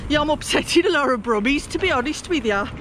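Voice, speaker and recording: A woman's voice: high-pitched, animated, quick pace, fairly bright tone. Chatty Black Country woman outdoors. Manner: jokey, down-to-earth banter. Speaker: vlog presenter. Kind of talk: chatty outdoor vlog commentary. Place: outdoors on a canal towpath. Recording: outdoor noise on the mic.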